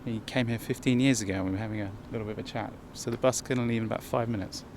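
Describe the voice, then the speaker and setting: A man's voice: fairly low pitch, steady tone, rapid-fire, a little mellow, slight background noise. An English man hosting a casual travel vlog outdoors. He talks to the viewers directly in a chatty, rambling way. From England. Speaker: travel vlogger. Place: outdoors in a town and on a bus.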